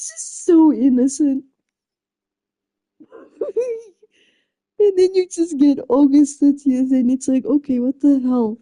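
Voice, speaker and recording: A woman live streamer talks casually, flustered and exclaiming as she reacts. Her voice sits high yet sounds dark and mellow. She speaks in an unhurried way. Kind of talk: casual chat.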